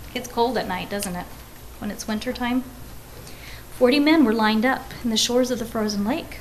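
A woman's voice: fairly high pitch, normal speed, slight background noise, poor audio. A woman reading a story aloud to children, with friendly conversational asides and questions to her listeners.

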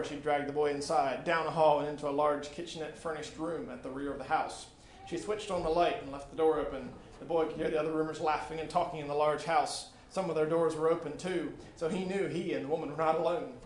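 A male teacher reading a story aloud to a class in a classroom, with casual, chatty asides between passages. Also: a little high. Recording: echoey room with faint noise.

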